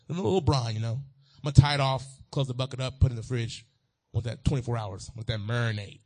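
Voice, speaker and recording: Folksy preacher man, low voice. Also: darkish tone. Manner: folksy, playful, talks straight to the congregation. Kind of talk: sermon.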